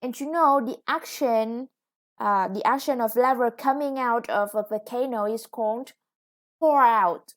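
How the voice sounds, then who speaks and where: A woman with a Vietnamese accent teaching an English lesson, explaining patiently and drawing out new words as she goes. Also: on the high side. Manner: patient, explains slowly, stretches new words, self-corrects. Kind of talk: recorded classroom lesson for students.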